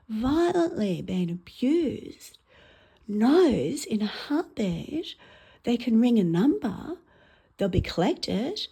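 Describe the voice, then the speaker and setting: A middle-aged woman with an Australian accent does stand-up, telling rambling stories and swearing freely, swinging between loud outbursts and murmured asides. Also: fairly high pitch, vocal fry, husky. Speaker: stand-up comic. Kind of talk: stand-up storytelling.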